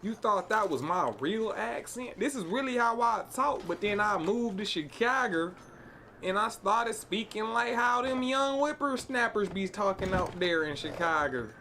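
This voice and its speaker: A man's voice: high voice, animated, a little slow, sharp tone, slight background noise. A man from Texas streaming a game live, joking with viewers in a put-on Southern cowboy accent. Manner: joking, playful, chatting to viewers. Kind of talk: live gameplay commentary.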